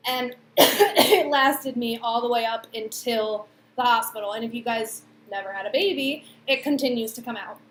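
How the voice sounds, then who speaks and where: A young woman in her twenties telling a personal story to camera, chatty and animated, with lots of fillers and acted-out quotes. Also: a little high, normal speed, hardly any pauses. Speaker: vlogger. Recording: echoey room, faint background noise.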